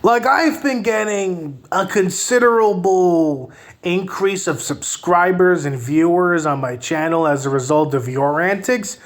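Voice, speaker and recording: A man's voice: high-pitched, unhurried. A man giving casual live-stream commentary, taunting and sarcastic toward the person he covers. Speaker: online commentator.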